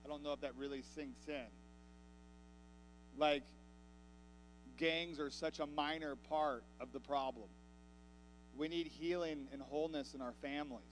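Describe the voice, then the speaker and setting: A man preaching a sermon, telling a story with rising passion and growing loudness. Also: on the high side, fairly even intonation, measured pace, long pauses. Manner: impassioned storytelling, building in volume. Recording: reverberant hall with mains hum.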